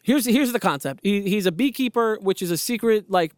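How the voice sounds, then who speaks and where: A man's voice: high voice, expressive, brisk. A man co-hosting a podcast, chatting casually about movies with lots of laughing and swearing. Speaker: podcast co-host. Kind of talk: casual chat.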